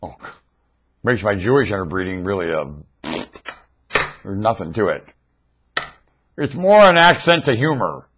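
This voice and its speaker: A man recorded on a webcam mic at home, rambling in a monologue that swings between loud outbursts and mumbling. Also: fairly low pitch, sing-song, a little slow, pauses often, slight background noise.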